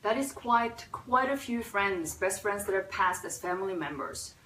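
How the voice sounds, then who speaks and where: A woman hosting a pet memorial livestream, talking unscripted in a teary, soft-hearted way with sighs and pauses. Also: medium pitch, animated. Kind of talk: unscripted emotional talk. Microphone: phone or webcam. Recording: roomy echo, a bit far from the mic.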